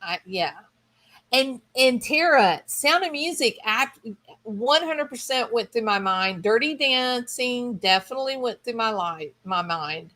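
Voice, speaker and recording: A woman's voice: fairly high pitch, animated, measured pace, pushed and bright. A woman streamer casually chatting with her viewers, rambling and thinking aloud with enthusiasm. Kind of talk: casual chat.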